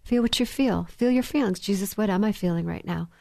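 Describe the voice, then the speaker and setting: A woman's voice: medium pitch, brisk, vocal fry, darkish tone, no room sound. A woman on a faith talk show, telling stories with animation and acting out childlike voices. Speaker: guest speaker.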